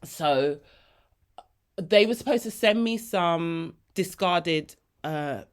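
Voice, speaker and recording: Chatty woman, lowish voice. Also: animated, slow pace. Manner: chatty, slangy, emotionally open storytelling. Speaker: podcast host. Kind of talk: candid personal podcast monologue.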